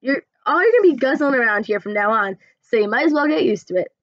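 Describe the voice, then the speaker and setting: A woman's voice: high voice, animated, fast, fairly bright tone, no room sound, dull audio. A woman voicing a huge, kindly, very old male giant who mangles his grammar and invents words. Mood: animated.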